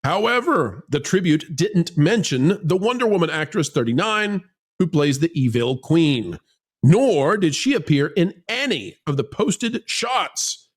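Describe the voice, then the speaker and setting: A man hosts a sarcastic entertainment commentary show, his voice sitting fairly high and swinging widely in pitch. He reads articles aloud and breaks off into mocking, theatrical asides. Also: big pitch swings, measured pace, husky. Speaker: host of entertainment commentary channel.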